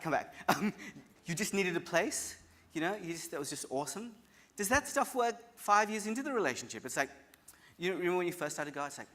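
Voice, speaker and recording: A man giving an energetic motivational talk to a live audience, often asking them questions. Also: sits high. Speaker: motivational speaker.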